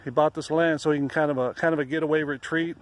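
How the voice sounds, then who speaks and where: Over a noisy background, a man with a slightly high voice and fairly even intonation rambles through a casual walking vlog in a wooded park, with faint outdoor ambience around him. A little breathless and self-mocking, he also sings a folk song slowly.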